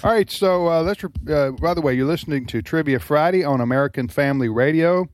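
A man's voice: a little high, fast talker, dry recording, clean studio sound. A man hosting a trivia segment on a radio show, joking and rambling with fillers. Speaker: radio host. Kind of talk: casual on-air banter. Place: radio studio.

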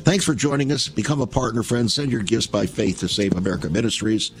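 A man's voice: on the low side, expressive, fast, music in the background. A man preaching a radio sermon, reading scripture aloud with strong emphasis and calling listeners his friends, then appealing for donations as the ministry's host.

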